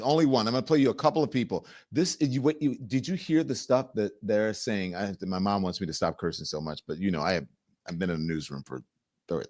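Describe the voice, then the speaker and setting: A man hosting a live commentary show, conversational and emphatic. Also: on the low side. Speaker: show host.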